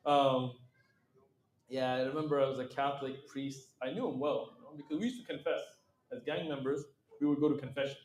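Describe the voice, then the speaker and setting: A middle-aged man tells stories as an interview guest, animated and casual, and he slips into quoted voices with frequent laughs. His pitch sits in an ordinary middle range. The room around him is noticeably echoey. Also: moderate pace, slight background noise.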